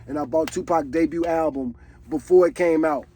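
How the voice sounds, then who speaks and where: A man's voice: on the high side, steady tone, normal speed, warm tone. A man, reacting to a song in casual commentary, earnest and preachy. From Chicago. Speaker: reaction video host.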